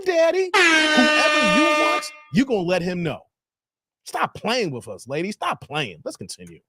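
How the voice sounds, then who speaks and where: A man's voice: sits high, no echo, clean studio sound. A man hosting a reaction channel, giving preachy dating commentary and acting out the people he quotes. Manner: animated, preachy, acts out quoted voices.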